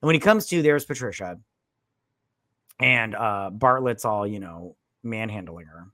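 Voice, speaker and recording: A man's voice: on the low side, animated, unhurried, bright, forceful tone, no room sound, studio quality. A man co-hosting a casual movie review chat, rambling and crude as he retells the plot. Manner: rambling, crude, keeps slipping into acted-out quotes. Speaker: co-host of a movie review show.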